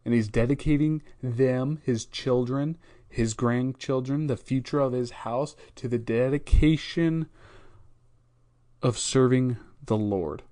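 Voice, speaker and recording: A man's voice: mid-range voice, slow, mellow. Man hosting a reflective podcast. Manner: unscripted and thoughtful, with frequent fillers and restarts. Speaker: podcast host. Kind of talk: casual reflective podcast talk on a Bible verse.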